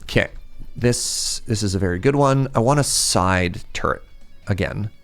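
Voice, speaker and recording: A man giving casual, excitable commentary while streaming a video game and chatting with his viewers. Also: lowish voice, normal speed, faint music behind. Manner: excitable, chatty, talks to chat.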